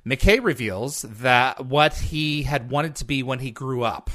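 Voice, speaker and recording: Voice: mid-range voice, slow, a bit bright. A trivia quizmaster on a live online show who is upbeat, laughs often and reads the questions aloud over a video call.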